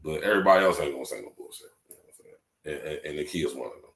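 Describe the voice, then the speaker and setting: A man's voice: a bass voice, racing, echoey room. A man hosting a casual podcast, telling stories, swearing and tagging lines with fillers. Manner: animated storyteller, swears, many filler tags. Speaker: podcast host.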